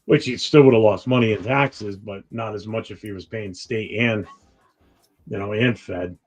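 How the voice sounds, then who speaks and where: A man's voice: on the low side, moderate pace, darkish tone. A man with a New York accent hosting a casual live-stream talk show, swearing freely and greeting viewers in the chat. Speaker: podcast host.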